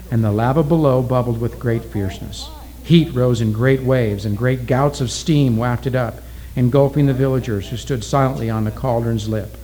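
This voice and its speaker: A man narrating a story as an audiobook in a measured, steady way. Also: mid-range voice, poor audio.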